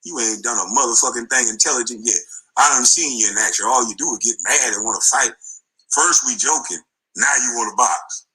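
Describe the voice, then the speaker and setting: A man's voice: mid-range voice, brisk, sharp tone, slightly rough, poor audio. A middle-aged man, a former basketball player, delivering an angry, taunting rant full of insults in a played clip.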